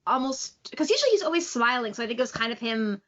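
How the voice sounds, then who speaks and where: A woman's voice: on the high side, very animated, fast talker, fairly bright tone. A woman co-hosting a podcast, rambling eagerly in casual fan discussion. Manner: enthusiastic, rambling with many fillers. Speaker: podcast co-host. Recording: dull lo-fi audio.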